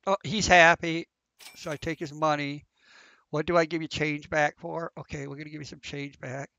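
A man's voice: fairly high pitch, fairly even intonation, moderate pace, pushed and bright, no room sound. Flustered man narrating his gameplay. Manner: chatty, flustered, thinking aloud. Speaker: gameplay commentator. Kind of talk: casual game commentary. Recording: dull, lo-fi, dry sound.

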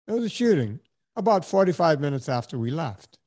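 A fifties-aged podcast host with a voice that sits a little high for a man. He rambles through his stories in a relaxed, chatty way, jumping into lively impressions whenever he quotes someone. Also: fairly quick. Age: 50s. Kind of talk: casual storytelling chat.

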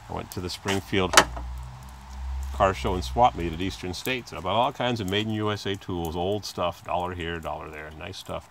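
A man talking casually while repairing his car, rambling and chatty, filming on a handheld phone. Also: background noise. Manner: rambling, chatty, imitates squeaks in a high voice. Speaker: car repair video maker. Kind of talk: casual hands-on repair talk. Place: outdoors by a car in a driveway. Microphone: phone camera held in hand.

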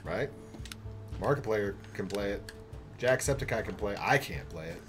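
Excitable man hosting a game stream. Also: lowish voice, moderate pace. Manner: excitable, shouts reactions to the game. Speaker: gaming channel host. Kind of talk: casual gameplay commentary. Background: game music.

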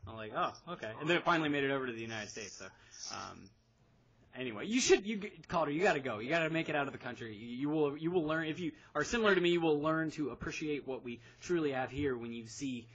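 Man, podcast host, excitable, rambling, slightly high voice, muffled recording. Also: a crowd in the background. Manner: excitable, rambling, quick laughs. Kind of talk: casual podcast chat. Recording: dull lo-fi podcast audio.

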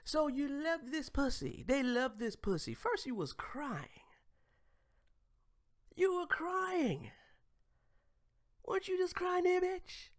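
A man putting on a high, whiny woman's voice to mock someone, with fake crying and a shrill falsetto. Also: sing-song, slow pace, long pauses, heavily acted. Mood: mocking, fake sobbing. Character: whiny high-pitched woman mocking parody, loud and sobbing.

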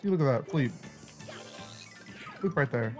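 A man's voice: medium pitch, animated, a little slow. A man co-playing a video game, goofy and playful, repeating silly catchphrases and humming along. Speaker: gameplay co-host. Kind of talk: casual let's-play banter. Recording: faint background game music.

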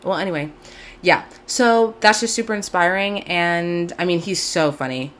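A young woman from Southern California chats straight to camera on her podcast. Her voice sits low. She gushes freely and fills her talk with "like". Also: moderate pace, fairly bright tone, slight background noise. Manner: chatty, gushing, lots of "like". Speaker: podcast host. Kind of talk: casual chat to camera. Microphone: camera mic, video-call style.

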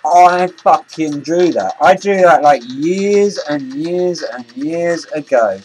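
A man vlogging in an excitable, rambling way, with lots of restarts and casual swearing. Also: on the high side, slow pace, hardly any pauses, slight background noise. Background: faint electronic music.

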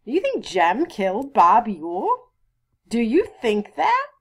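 A woman's voice: a little high, wildly swooping pitch, a little slow, pitched above the performer's own voice, heavily acted. A woman reading the part of a principled small-town lawyer and father, earnest, firm and courteous.

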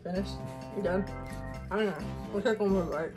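A woman's voice: mid-range voice, a little fast, music in the background. A woman hosting a casual taste-test show, chatty and giggly as she talks. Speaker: show host.

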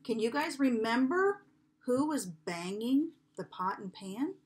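Animated, high-voiced woman reading to preschoolers. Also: husky. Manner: animated, slow, coaxing questions to children, drops to a whisper at times. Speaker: preschool teacher. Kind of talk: reading a picture book aloud to young children.

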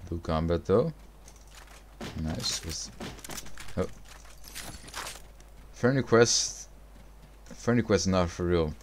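Low-voiced young man streaming a game. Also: takes it slowly, pauses often, slight background noise. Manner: profane, reacts loudly to the game, answers chat. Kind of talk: casual gaming livestream chat.

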